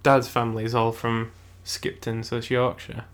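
A man's voice: medium pitch, monotone, moderate pace. A man from Cumbria, chatting casually and laughing easily. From Cumbria, England. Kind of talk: casual chat.

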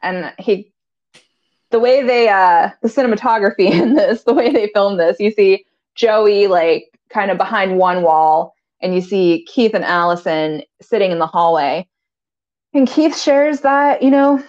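A woman's voice: mid-range voice, measured pace, darkish tone. A woman co-host giving a chatty recap of a TV episode, giggling often and slipping into voices for the characters. Her voice sits in a middle register. The recording sounds a little dull and lo-fi. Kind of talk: casual recap chat.

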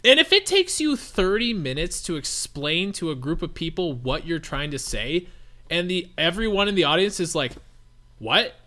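A man co-hosting a podcast in casual chat, excitable and quick to act out his own reactions. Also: a little high. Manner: excitable, animated, acts out reactions in quotes. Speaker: podcast co-host.

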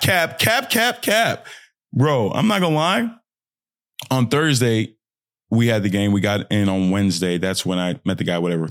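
A young man, a pro basketball player, talking casually and motivationally about mindset, breaking into high-pitched joking voices. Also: no echo, studio quality. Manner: animated, swings into high joking voices and trash talk.

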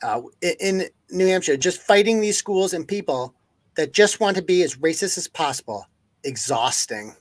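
A man's voice: sits high, animated, normal speed, no room sound. A man hosting a live news-commentary podcast, ranting with heavy profanity and sarcasm. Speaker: podcast host.

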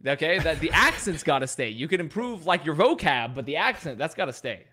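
A man's voice: a little high, big pitch swings, fairly quick, bright, forceful tone, husky. An American man on a casual esports podcast panel, speculating and teasing the others. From United States. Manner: joking, teasing. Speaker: podcast co-host.

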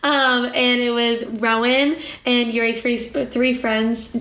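A woman's voice: fairly high pitch, little pitch movement, takes it slowly, fairly bright tone. A woman in her twenties co-hosting a podcast, telling stories in chatty, giggly casual talk. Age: 20s. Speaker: podcast co-host. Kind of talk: casual chat. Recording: echoey room, faint noise.

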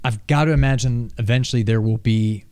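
A man's voice: medium pitch, steady tone, brisk, darkish tone, smooth, no room sound. A man co-hosting a casual gaming chat, rambling and loose, acting out his own reactions. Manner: loose, rambling, filler-heavy with acted-out reactions.

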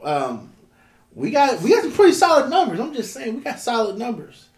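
A young man co-hosting a casual podcast, steering the topics and halting often with ums and repeated words. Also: very high voice, huge pitch swings, a little mellow. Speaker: podcast co-host. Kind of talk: casual chat. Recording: roomy echo.

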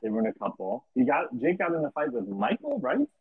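A man's voice: a little high, wildly swooping pitch, fairly quick, creaky, a little hiss or hum. A man co-hosting a podcast, bantering and teasing in casual chat. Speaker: podcast co-host. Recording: dry tinny phone-like line.

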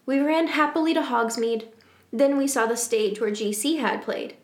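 A woman's voice: sits high, moderate pace. A woman podcast host reading fan fiction aloud for laughs, with amused asides. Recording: roomy echo.

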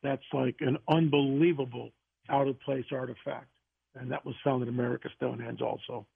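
A man, a guest author on a radio interview, telling stories in an animated way with quick restarts. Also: mid-range voice, gravelly, slightly rough. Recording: tinny phone line.

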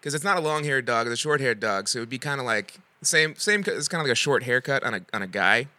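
Young man, rambling, hesitant, bright forceful tone, dry close mic. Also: mid-range voice, animated, fast talker, no room sound. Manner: rambling, hesitant, lots of fillers. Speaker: podcast host and prank caller. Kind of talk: casual comedy chat.

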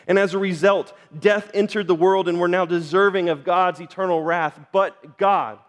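A middle-aged man preaching with earnest, direct appeals to his listeners. His voice sits a little high for a man. The sound carries a long reverb from the church hall around him. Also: steady tone, moderate pace. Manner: earnest and direct, addressing the congregation. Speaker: pastor. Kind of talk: sermon.

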